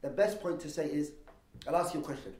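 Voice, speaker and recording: A man teaching a lesson on Islamic law, explaining terms and posing rhetorical questions, quickly reading Arabic texts and then translating them. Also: fairly high pitch, animated, a little mellow. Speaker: religious teacher. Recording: echoey room, voice from a distance.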